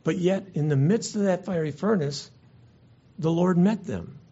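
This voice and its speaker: A man with a high, warm, slightly breathy voice preaches a sermon as a pastor at a measured pace. He sounds earnest and conversational, sometimes restarting his words. The recording is dull and lo-fi.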